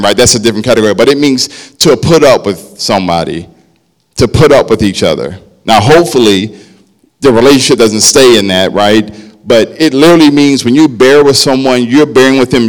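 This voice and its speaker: A man preaching a sermon as a pastor, talking conversationally and often checking in with "right?", dropping softer when he talks about himself. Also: mid-range voice.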